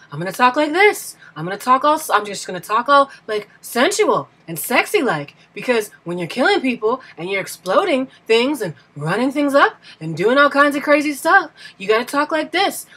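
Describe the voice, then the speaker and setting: A woman mimics a male action-movie star who insists on talking in a soft, sensual voice. The tone is breathy and lively, with a defensive edge. It is a comedy impression. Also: high-pitched, moderate pace, few pauses, exaggerated voice.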